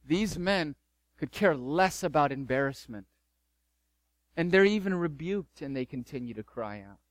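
A man's voice: on the high side, lively intonation, measured pace, no echo. A middle-aged man preaching a sermon as pastor, fervent and emphatic, repeating key phrases.

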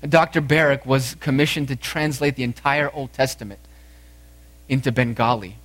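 A man preaching a sermon, lively and animated, acting out the dialogue as he tells it. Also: mid-range voice, normal speed. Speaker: pastor.

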